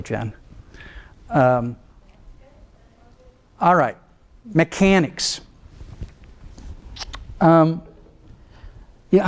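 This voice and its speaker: A man's voice: mid-range voice, darkish tone. A man giving a law school lecture in a conversational way, often checking in with his listeners and sometimes restarting or trailing off mid-thought. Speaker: guest lecturer.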